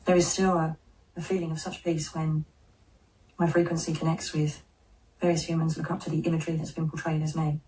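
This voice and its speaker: A woman voicing a serene male spirit of Jesus speaking through a medium, in slow, solemn, measured pronouncements. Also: sits low, little pitch movement, a little mellow, distant mic, pitched below the performer's own voice, natural voice, poor audio.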